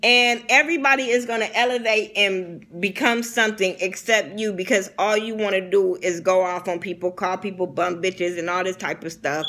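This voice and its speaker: A young woman talks straight to camera in a casual recap vlog. She is blunt, opinionated and profane. Her voice is bright and forward. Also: medium pitch, steady tone, normal speed, few pauses. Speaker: TV reality show reviewer.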